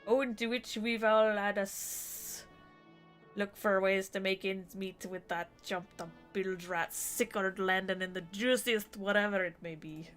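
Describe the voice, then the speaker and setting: A woman voicing a rough-talking female siren pirate with a slow, folksy seafaring drawl. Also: mid-range voice, fairly even intonation, a bit bright, faint music behind, lightly acted.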